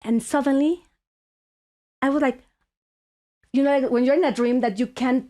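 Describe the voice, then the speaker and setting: A woman's voice: high-pitched, normal speed. A woman from Mexico with a Mexican Spanish accent, a native Spanish speaker, telling a story in casual chat as a podcast host, full of restarts and fillers. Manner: animated, many restarts and fillers.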